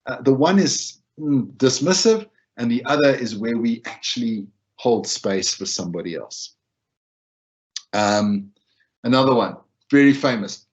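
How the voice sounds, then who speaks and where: A man's voice: medium pitch, expressive, a little slow, lo-fi sound. A man giving an informal wellbeing talk on supporting others, conversational, often repeating himself and acting out what people say. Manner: conversational, repeats phrases, acts out quoted lines. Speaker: wellbeing speaker.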